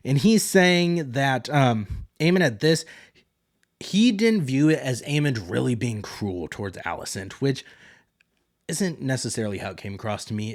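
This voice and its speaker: Male podcast host, mid-range voice, relaxed chatty recap with loose paraphrase. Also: mid-range voice. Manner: loose, rambling retelling with paraphrased quotes. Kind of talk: casual TV episode recap.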